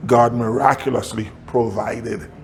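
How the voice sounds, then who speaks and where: A male pastor telling a story in a sermon, animated, often laughing and acting out what people said. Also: medium pitch, unhurried, noisy background.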